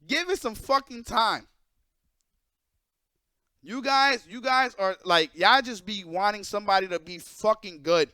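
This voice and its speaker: A young man ranting casually and bluntly to his viewers, profane and animated. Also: sits high, a little slow, long pauses, smooth, no room sound. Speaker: esports player and streamer.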